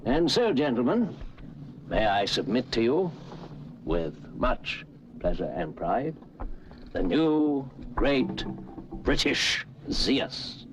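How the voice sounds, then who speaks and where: An actor playing a salesy car pitchman who makes a rhetorical sales pitch to executives. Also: sing-song, takes it slowly, pauses often, noisy background. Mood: persuasive. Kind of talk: 1960s film comedy acting. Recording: dull film soundtrack with faint music.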